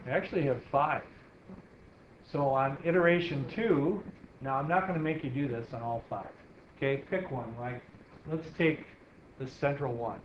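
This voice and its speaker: A male math teacher at a normal speed and slightly high pitch leads a lecture at the board, explaining steps and posing questions to his class. The classroom sounds roomy, recorded in dull lo-fi quality with a faint hiss.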